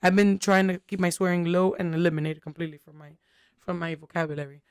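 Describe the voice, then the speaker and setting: A woman's voice: on the low side, steady tone, fast, smooth, no room sound, clean studio sound. Candid young woman telling a long story. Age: young adult. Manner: candid, rambling storytelling with many fillers. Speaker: podcast co-host. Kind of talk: casual podcast chat.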